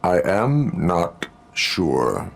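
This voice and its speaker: A man's voice: sits low, big pitch swings, extremely slow, creaky, a little hiss or hum, exaggerated voice. An actor playing a stern male cyborg police officer, speaking in a clipped, formal, emotionless way. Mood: flat.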